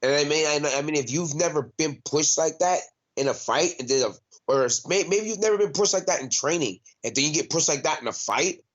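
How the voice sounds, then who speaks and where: A man's voice: on the high side, expressive, fairly quick. A young man, a fighter, talking in a casual interview. He is blunt and profane, fills his speech with "like", and often restarts his sentences. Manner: blunt and profane, heavy use of "like", frequent restarts. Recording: dull, lo-fi sound.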